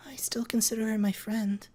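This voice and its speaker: A man voicing a pained, bitter teenage girl on the witness stand in whispered role-play, speaking quietly with a trembling, measured manner. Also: sits high, little pitch movement, pitched above the performer's own voice. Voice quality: breathy whisper.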